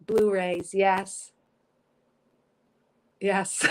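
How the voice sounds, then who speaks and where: A woman's voice: a little high, a little slow, pauses often, rough recording. A woman doing a spiritual livestream reading, speaking earnestly and emotionally, rambling and correcting herself as she reads viewer comments. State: teary, emotional. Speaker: psychic reader on a livestream. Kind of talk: casual spiritual livestream talk.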